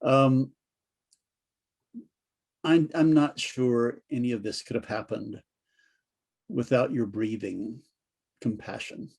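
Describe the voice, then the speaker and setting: A man hosting an interview, speaking slowly and softly in measured phrases. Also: medium pitch, fairly even intonation, vocal fry, slightly rough. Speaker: host interviewer.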